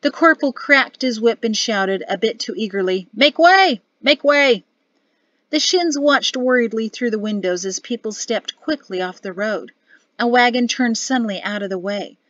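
A woman narrating a novel as an audiobook in an even storytelling delivery. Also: medium pitch, normal speed, dry recording, dull audio. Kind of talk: scripted narration.

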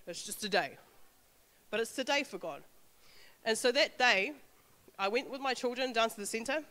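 A woman, telling an animated testimony with frequent laughter. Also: on the high side, long reverb tail. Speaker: speaker sharing a testimony. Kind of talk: informal sermon talk.

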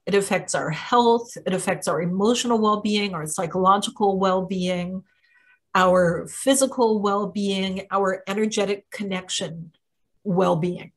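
A middle-aged woman hosts a live spiritual Q&A, speaking at an unhurried pace with an everyday mid pitch. She tells personal stories in a casual, chatty way with frequent fillers. She acts out the lines of the people she quotes. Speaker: spiritual channeler hosting a live Q&A. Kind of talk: casual storytelling talk.

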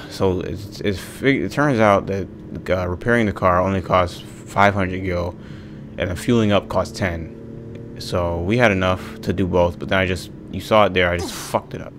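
A man's voice: low-pitched, normal speed, fairly bright tone, a little hiss or hum. A young man hosting a let's play, exasperated and ranting at the game, swearing often. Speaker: gaming video host.

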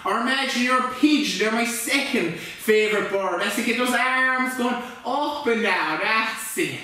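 A man leading a kids' yoga class with gentle, playful, encouraging instructions. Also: very high voice, measured pace. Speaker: yoga teacher. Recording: echoey room, mic far off.

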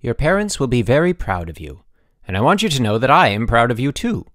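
A man's voice: medium pitch, very animated, a bit bright, no echo, clean studio sound. A man voicing a dignified, formal middle-aged headmaster in an audiobook. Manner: formal, measured, pleased.

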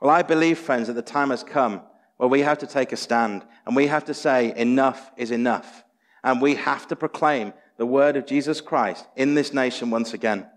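A man's voice: medium pitch, normal speed. A man preaching a sermon as pastor, earnest and exhorting, full of rhetorical questions. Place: church sanctuary. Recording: long church hall reverb.

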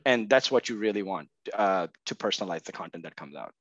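A man's voice: deep voice, expressive, fast talker, a bit bright, no echo. Man, muffled video-call interview guest. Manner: many fillers, frequent "right?" checks. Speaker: guest, marketing tech co-founder. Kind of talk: casual interview answers.

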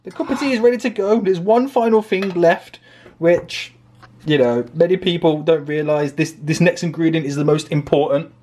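A man's voice: on the high side, moderate pace, darkish tone, a little hiss or hum. A man vlogging a playful cooking demo in his home kitchen, filming on a handheld phone and narrating each step with jokes. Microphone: handheld phone camera.

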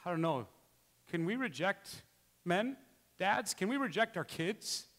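A male pastor preaching a sermon, emphatic with rhetorical questions, moving between quiet asides and loud exclamations, in a church sanctuary. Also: high-pitched, lively intonation, a little slow, long reverb tail.

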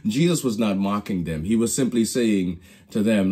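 Male Bible teacher, preacherly storyteller, dark and slightly husky, restarts phrases. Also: on the low side, expressive, moderate pace. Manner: preacherly storytelling, acts out quoted lines. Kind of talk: Bible study lesson.

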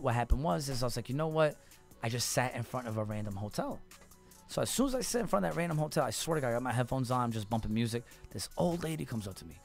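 A man in his thirties, a rapper guest, telling a long story in a lively, profane way and acting out the people in it. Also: mid-range voice, vocal fry. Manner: animated, profane, acts out voices in his story. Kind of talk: casual storytelling.

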